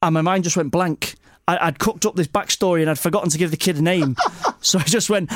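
A man telling a story as a podcast guest, animated, with many repeats and restarts. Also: high voice, fast, hardly any pauses, dry recording.

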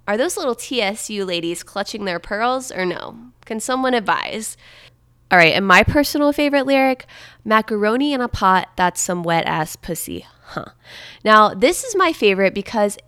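A woman's voice: medium pitch, fairly bright tone, clean tone. A young woman hosting a podcast, chatting playfully and reading quotes aloud. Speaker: podcast host. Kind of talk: casual chat.

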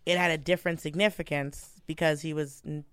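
A woman's voice: low-pitched, fairly quick, smooth, dry recording. A woman comedian guest telling stories in casual, profane podcast chat. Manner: animated, profane storytelling.

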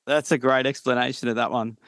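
A man from Australia hosting a podcast interview, friendly and quick to affirm his guest, over a video call. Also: medium pitch, fairly even intonation, fairly bright tone, dry recording. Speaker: podcast host. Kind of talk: casual interview.

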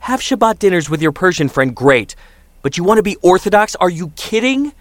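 A man voicing a furious middle-aged father, shouting incredulous questions. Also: a little high, sing-song, fast talker, no room sound, voice pushed up.

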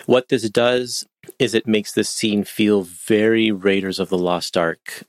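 Low-voiced man, opinionated film talk. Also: steady tone, measured pace, dry recording, studio quality. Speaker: podcast co-host. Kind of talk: casual film discussion.

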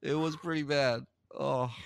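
A man's voice: medium pitch, fairly even intonation, creaky. A male podcast host with an ordinary mid-range voice, talking in a loose, casual way. He cracks jokes, laughs easily and breaks in to comment while clips play. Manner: joking, quick to laugh, talks over clips. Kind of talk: casual chat reacting to clips.

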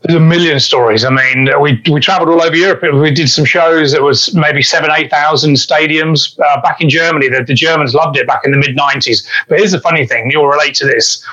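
A middle-aged man with a bright, forceful voice sitting a little high for a man. He tells easygoing, self-deprecating stories as a guest. His sound comes through dull and lo-fi, like a remote call. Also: fairly even intonation, brisk, hardly any pauses. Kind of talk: storytelling in an interview. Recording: dull lo-fi line.

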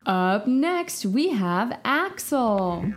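A woman hosting a children's storytelling podcast, talking in a bright, enthusiastic, exclamatory way. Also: fairly high pitch, very animated, extremely slow. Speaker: host and children's book author. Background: background music.

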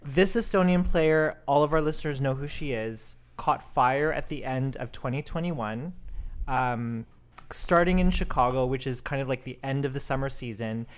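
A man's voice: mid-range voice, normal speed, clear, resonant tone. A man co-hosting a tennis podcast, chatting casually in a camp, playful way. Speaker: podcast co-host. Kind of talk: casual chat.

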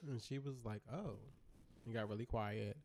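A young man on a casual podcast, telling stories in a low-key, mellow way. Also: normal speed.

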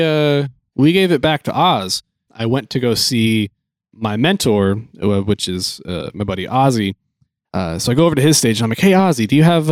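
A man's voice: mid-range voice, no echo, studio quality. A man telling a long work anecdote in casual chat, acting out the people he quotes. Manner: animated, acts out quoted dialogue. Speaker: guest telling a story. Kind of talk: casual storytelling.

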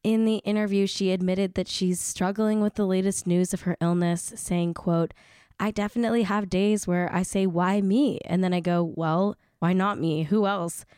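A woman hosting a chatty celebrity news recap, gossipy with animated asides. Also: mid-range voice, moderate pace, clean tone, no room sound, studio quality.

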